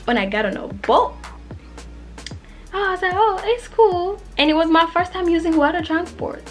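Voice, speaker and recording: A young woman casually telling a personal story, animated and acting out her past self in quoted lines, sometimes dropping to a whisper. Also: extremely high pitch, moderate pace, soft background music.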